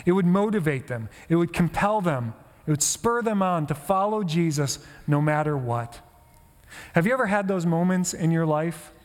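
A man's voice: on the high side, expressive, normal speed. Conversational preaching man, reverberant hall. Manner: conversational, with rhetorical questions. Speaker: pastor. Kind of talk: sermon.

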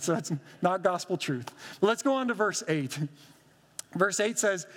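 A man's voice: high voice, long reverb tail. A man, a pastor, giving a conversational sermon with humorous asides, reading scripture aloud.

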